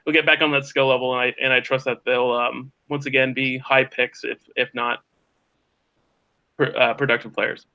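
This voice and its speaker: Bright-voiced man teasing his friends. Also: medium pitch, flat delivery, normal speed, highs cut off. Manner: teasing, hesitant restarts. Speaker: gaming podcast regular. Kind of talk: casual group chat.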